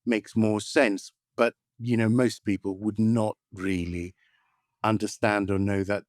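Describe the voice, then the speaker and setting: A man's voice: lowish voice, steady tone, unhurried, a little mellow, no echo. A man co-hosting a podcast, chatting through the news in a wry, thoughtful way on a close mic. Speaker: podcast co-host. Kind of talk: casual news chat.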